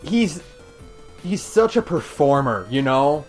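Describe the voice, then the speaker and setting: A man's voice: fairly high pitch, sing-song, takes it slowly, soft background music. A man co-hosting a podcast in casual chat, enthusiastic but hesitant in his phrasing. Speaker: podcast co-host.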